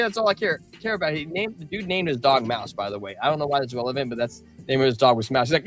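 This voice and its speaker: Co-host, male, young adult, animated rambling storyteller; bright voice, faint music underneath. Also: on the high side, fast, hardly any pauses. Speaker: podcast co-host. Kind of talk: casual livestream chat.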